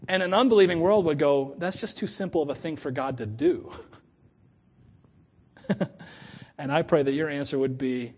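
A middle-aged man preaching a sermon to his church in a chatty, animated way, laughing often and acting out quoted voices. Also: on the high side, moderate pace, long pauses, a little hiss or hum. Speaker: pastor.

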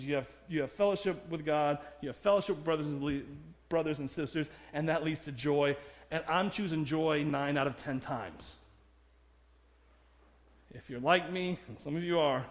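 Preaching in a church sanctuary, a man with a voice on the high side keeps things humorous and self-deprecating, laughing often. The sound carries like a large hall.

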